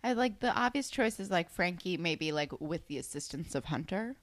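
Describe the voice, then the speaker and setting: A woman's voice: lowish voice, moderate pace, no echo. A young woman co-hosting a casual chat that recaps a TV show, adding dry, wry comments. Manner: dry, wry remarks, lively intonation. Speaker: podcast co-host.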